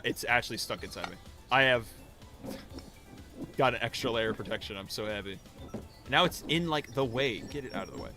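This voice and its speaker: A man's voice: medium pitch, brisk, sharp tone. A male streamer giving casual live gameplay commentary, muttering to himself in a self-mocking, frustrated way. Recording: game music behind.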